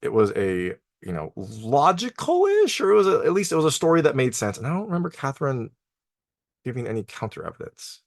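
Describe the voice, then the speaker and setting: A man's voice: medium pitch, wildly swooping pitch, fairly quick, no room sound, clean studio sound. A man hosting a TV review channel, casually recapping an episode with lots of filler words. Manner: conversational, lots of "like" and "you know" fillers. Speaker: TV review host.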